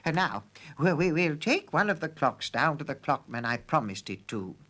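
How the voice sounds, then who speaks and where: Guy doing a scatterbrained old professor, stammery, voice jumping up high. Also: moderate pace. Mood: flustered. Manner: stammering, excitable. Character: flustered absent-minded old male professor.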